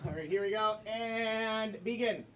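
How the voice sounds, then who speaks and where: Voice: medium pitch, a little slow, slight background noise. An improv comedy host running a live show, upbeat and often laughing as they take suggestions from the audience. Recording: distant mic with loud crowd.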